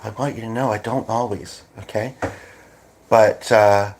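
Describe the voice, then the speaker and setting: A man's voice: on the low side, fairly even intonation, unhurried, a little mellow, a little hiss or hum. A man from Canada hosting a casual livestream chat, playful and chatty, slipping into little sung bits. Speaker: livestream host.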